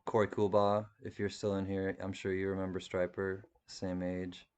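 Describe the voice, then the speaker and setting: A man whose voice sits low speaks with a flat delivery and clean tone at a moderate pace. As livestream host, he reads through chat in a casual, rambling way. He's chatty, laughs often, and restarts a lot.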